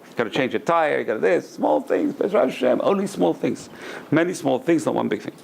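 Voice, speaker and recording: A man's voice: a little high, fairly quick, vocal fry, slight background noise. A man, a rabbi, giving a Torah class, telling stories animatedly and repeating phrases for emphasis. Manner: animated storyteller, repeats phrases, acts out quoted voices. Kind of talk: Torah class lecture with storytelling.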